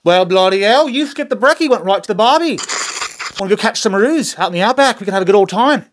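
A man's voice: high voice, animated, quick pace, a little hiss or hum. A man voicing a cheery Australian bloke in a fake Australian accent, full of slang. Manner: jokey, slang-heavy.

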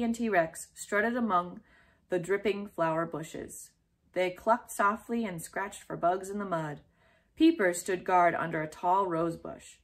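A woman reading a children's chapter book aloud in a clear, steady storytelling way. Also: on the low side.

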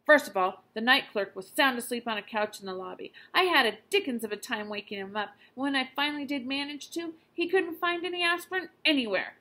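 A woman's voice: high-pitched, brisk, hardly any pauses, sharp tone, pitched above the performer's own voice. A woman reading aloud, voicing an exasperated, helpless father in a storybook. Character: exasperated father of a sick boy.

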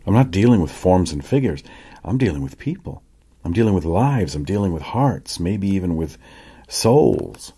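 A man's voice: low voice, very animated, normal speed, dark tone, husky, full character voice. A man voicing an earnest, troubled woman accountant. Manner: emphatic, building lists.

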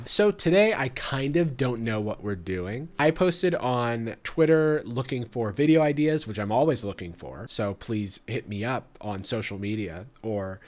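A man's voice: mid-range voice, darkish tone. A young man hosting a comedic reaction commentary, sarcastic and laughing often. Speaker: YouTube host.

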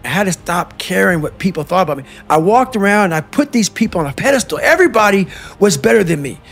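A man delivers a blunt, intense motivational talk in a fairly high voice. He swings from low, brooding stretches to loud, fired-up bursts. Faint music plays underneath the clips. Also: animated, fast talker, vocal fry. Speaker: motivational speaker. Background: motivational background music.

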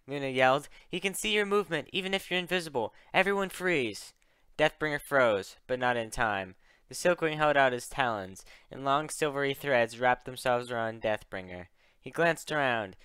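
Bright, crisp young man reading a story. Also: mid-range voice, no room sound. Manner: reads all characters, voices raised for dialogue. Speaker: fan fiction narrator.

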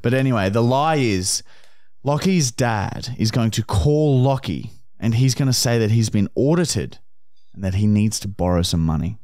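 A man co-hosting a podcast, excitable and swearing often in casual chat. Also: on the low side, moderate pace, no room sound, studio quality. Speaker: podcast co-host.

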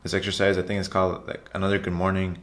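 A man's voice: low-pitched, completely flat delivery, fast talker, fairly bright tone. A man narrating his workout footage as a casual vlog voiceover, chatty and repetitive, often calling out to his viewers. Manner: loose, repetitive, chatty, says "guys" often. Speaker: fitness vlogger.

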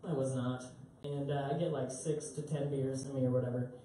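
Self-mocking young comedian in a roomy club. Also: male voice, medium pitch, fairly even intonation, fairly quick, warm tone, a little hiss or hum. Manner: rambling, self-mocking storytelling with many fillers. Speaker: stand-up comedian. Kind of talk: live stand-up comedy. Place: concert club stage. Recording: roomy live club sound from a distance.

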